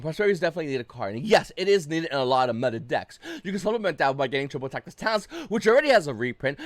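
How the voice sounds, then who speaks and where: A young man talks markets to camera at a rapid clip, his voice high and lively. He is blunt and swears freely, tipping into agitated rants. The sound is dry and close. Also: no echo. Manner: blunt, profane, gets agitated and loud. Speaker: YouTube card game market commentator. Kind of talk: casual ranting commentary.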